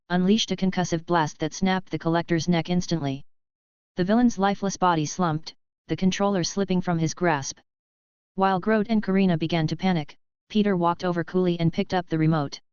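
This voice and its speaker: A woman reading a novel aloud as narrator, telling the story in an even, unhurried way. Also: on the low side, smooth, no room sound. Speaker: audiobook narrator. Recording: dull, lo-fi dry recording.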